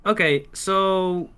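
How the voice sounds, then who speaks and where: A man chatting as a guest on a livestream in a relaxed, comfy voice, wry and grumbly, swearing casually. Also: high voice, clean tone. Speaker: guest streamer.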